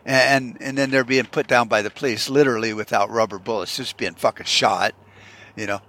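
A man hosting a podcast, ranting at length in a sarcastic, heavily profane way. His voice sits mid-range in pitch, and his talk wanders from point to point. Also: steady tone, fairly quick, fairly bright tone. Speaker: podcast host. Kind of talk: profane monologue rant.

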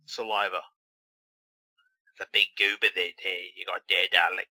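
A man's voice: deep voice, flat delivery, moderate pace, bright, forceful tone, dry recording, rough recording. A man co-hosting a wrestling watch-along, teasing his friend with crude, mocking, profane banter.

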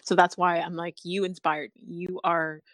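A woman's voice: on the low side, little pitch movement, moderate pace, fairly bright tone, no room sound. A woman hosting a podcast in casual interview chat, earnest and openly emotional, laughing often. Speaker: podcast host.

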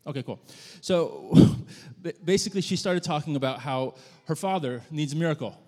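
A man preaching a sermon, telling a story in a conversational, halting way with frequent restarts. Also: fairly high pitch, darkish tone. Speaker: pastor. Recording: long hall reverb.

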